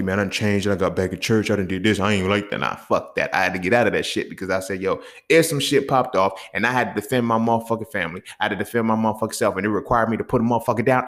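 A man hosting a podcast, ranting heatedly in a casual monologue full of profanity and street slang. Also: lowish voice. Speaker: podcast host.

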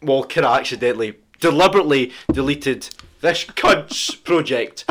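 A man's voice: medium pitch, expressive, moderate pace, fairly bright tone. A young man co-hosting a podcast, teasing his friend with crude jokes and frequent interruptions while a bit tipsy. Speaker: podcast co-host. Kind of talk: casual chat.

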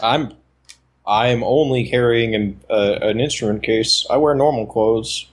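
A man's voice: medium pitch, measured pace, husky. A man playing a tabletop role-playing game, chatting in character with exasperated asides. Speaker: player. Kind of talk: casual chat in character.

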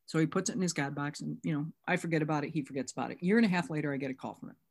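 At a recovery workshop, a middle-aged woman with a low-pitched voice talks very fast. She tells a story about sponsorship, voicing both people in the conversation.

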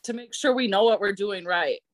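A woman's voice: medium pitch, a little fast. A woman in her thirties speaks as a guest in a casual interview, her voice in a mid range. She talks animatedly and laughs often between phrases. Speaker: wedding photographer guest.

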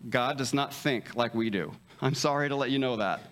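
A man's voice: mid-range voice, a bit bright. A male pastor preaching a casual, joking sermon, full of restarts and acted-out bits of dialogue. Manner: conversational, joking, with many restarts and stammers; acts out quick dialogue in livelier voices.

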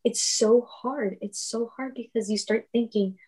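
A woman's voice: fairly high pitch, fairly even intonation, a little slow, darkish tone. A young adult woman telling stories in casual conversation as a podcast guest, laughing often and acting out quoted dialogue.

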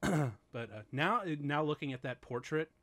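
A man co-hosting a casual chat about a film, laughing often and talking in halting bursts with lots of fillers. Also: on the high side, expressive, a bit bright. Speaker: co-host reacting to a film.

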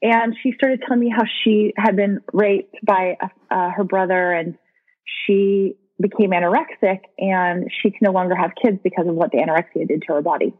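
A woman with a husky voice, a podcast guest frankly telling her personal story in conversation. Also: mid-range voice, steady tone, moderate pace. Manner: frank, blunt, with occasional swearing. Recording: tinny phone-like line.

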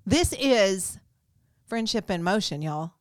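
A woman's voice: medium pitch, animated, slow, no room sound, clean studio sound. A woman co-hosting a casual chat podcast, joking and laughing often. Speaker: podcast co-host.

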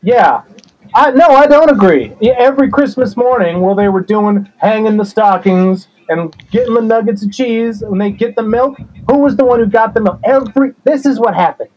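A man's voice: high voice, normal speed, darkish tone, low-quality recording. A man playing a rambling, resentful black-sheep brother in an improvised comedy interview. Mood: aggrieved. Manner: rambling, grudging, aggrieved.

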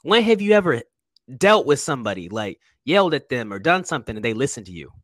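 A man's voice: medium pitch, sing-song, quick pace, a bit bright, no room sound. A soldier, a man, speaking candidly and emotionally in a conversation, earnest and emphatic, often restarting his sentences. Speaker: soldier guest.

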